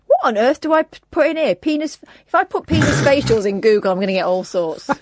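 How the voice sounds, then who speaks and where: A woman's voice: fairly high pitch, animated, quick pace. A woman co-hosting a talk radio show in the studio, chatting casually and making dry, wry remarks. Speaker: radio co-host and producer.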